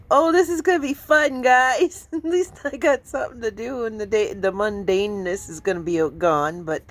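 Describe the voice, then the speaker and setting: A woman vlogging casually, laughing often and slipping into baby talk with a kitten. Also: fairly high pitch. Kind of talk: casual vlog chat.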